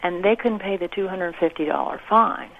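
A woman's voice: on the low side, normal speed, creaky, slight background noise. A woman calling in to a radio show, telling a story earnestly over the phone. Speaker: caller. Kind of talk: radio call-in. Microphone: telephone. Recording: tinny phone line.

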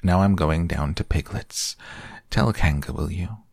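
A man voicing a simple, cheerful little bear who speaks softly and hesitantly, in a storybook reading. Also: sits low, a little slow, vocal fry, dry recording, clean studio sound, full character voice. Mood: mild.

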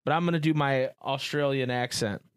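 A man's voice: medium pitch, a little fast, clear, resonant tone, no echo. A man hosting a podcast in loose, jokey banter, swearing freely. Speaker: podcast host.

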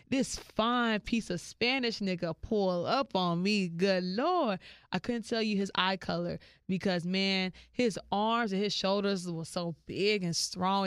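Woman podcast host telling a story, slangy and animated, smooth clear voice, dry close sound. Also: no room sound. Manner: animated, slangy, jumps into high-pitched quoted voices. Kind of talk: casual storytelling monologue.

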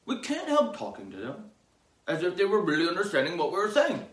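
A man riffing on an odd news story in a rambling comedy bit, lurching from loud outbursts to low mumbled asides. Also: huge pitch swings, fairly quick, echoey room.

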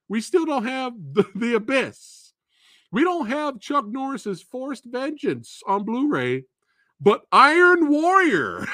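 A man's voice: very high-pitched, dry recording, clean studio sound. A man hosting a live movie Q&A, ranting casually with frequent swearing and laughter. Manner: animated, profane, laughs often, restarts.

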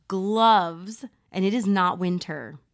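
A woman's voice: mid-range voice, takes it slowly. A woman hosting a podcast, casually telling a true crime story with profanity and laughs. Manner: profane, laughing, conversational narration.

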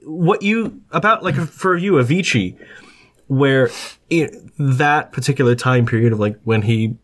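A man's voice: mid-range voice, measured pace. A young man co-hosting a casual podcast, hesitant and searching for his words. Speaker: podcast co-host. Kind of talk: casual chat.

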